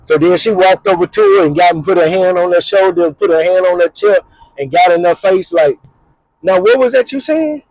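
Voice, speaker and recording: A middle-aged man hosting his vlog, telling a story casually in an animated, slangy way, repeating words and little sound effects. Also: high-pitched, fairly quick, no echo, low-quality recording. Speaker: vlog host.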